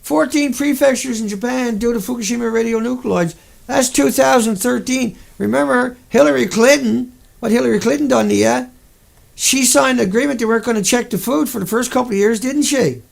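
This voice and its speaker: Angry vlogger guy ranting, real gravelly voice, pretty high pitched, sarcastic and cussing. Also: moderate pace. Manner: indignant, profane, sarcastic. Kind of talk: angry monologue rant.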